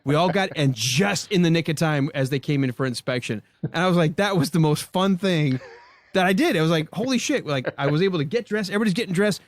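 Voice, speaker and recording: A man who hosts a podcast, telling a boot camp story in casual chat with a profane, animated manner. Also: on the high side, fast, dry recording. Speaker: podcast host.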